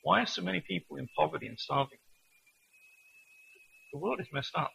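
A man preaching a sermon in an earnest manner, reading scripture slowly and deliberately. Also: a little high, expressive, vocal fry, a bit bright, a little hiss or hum, rough recording.

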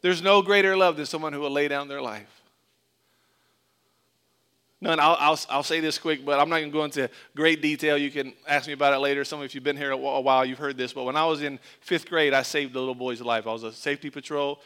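A middle-aged man from Florida preaching in a loose, conversational way, slipping jokes in between scripture. His voice sits a little high and rings bright and clear, easy to follow as he tells a story from his boyhood. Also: steady tone, fast. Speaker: pastor. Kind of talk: sermon with personal story.

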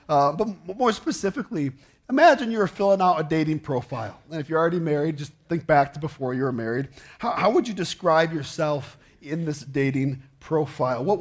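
A middle-aged man preaches to his congregation in a loose, conversational way. His voice sits a little high for a man, and he keeps asking the listeners questions and stumbling into repeated words. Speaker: pastor. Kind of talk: sermon.

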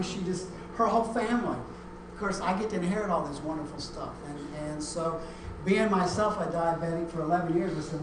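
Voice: mid-range voice, noisy background. A middle-aged pastor preaching a sermon, telling stories and then swelling into emphatic preaching. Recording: echoey room, mic far off.

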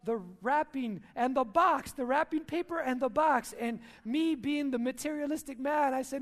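A man's voice: very high-pitched, normal speed, few pauses. A male pastor preaching a sermon at a church service, emphatic, repeating key lines and asking rhetorical questions.

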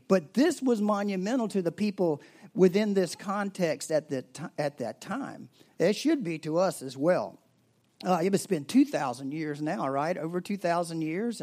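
A man preaching a sermon in a conversational way, rising to loud emphasis and dropping to a near-whisper. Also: a little high. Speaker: pastor.

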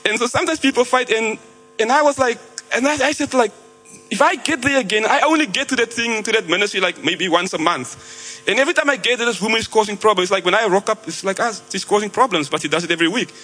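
An Australian man preaches in a loose, conversational way, repeating and restarting as he tells a story. His voice sits high for a man. Soft music plays faintly behind him. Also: fast, poor audio. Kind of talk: sermon.

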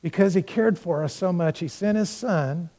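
High-voiced pastor preaching a sermon. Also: male voice, moderate pace. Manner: storytelling with acted-out dialogue, swinging between loud and hushed; earnest, direct address to the congregation.

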